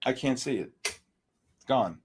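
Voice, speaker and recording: A man hosting a live trading stream, giving excitable, exclamatory market commentary and calling out viewers by name. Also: medium pitch, slow, husky.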